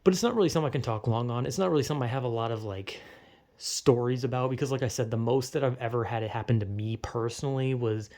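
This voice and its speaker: A man's voice: mid-range voice, fast talker, darkish tone. A young man ranting casually and profanely, exasperated, often acting out the people he quotes. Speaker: vlogger. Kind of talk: casual rant.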